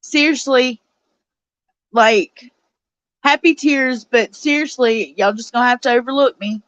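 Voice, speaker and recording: A woman's voice: on the high side, measured pace, fairly bright tone, no echo. A woman, hosting a casual live stream, chatty and tearful as she reads messages from viewers. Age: 40s. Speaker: show host reading live chat. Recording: dull, lo-fi sound.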